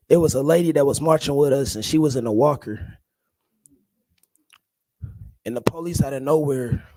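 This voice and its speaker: A man in his thirties, an activist, giving an emotional public speech, halting and full of hesitations. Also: fairly high pitch, darkish tone, no echo, low-quality recording.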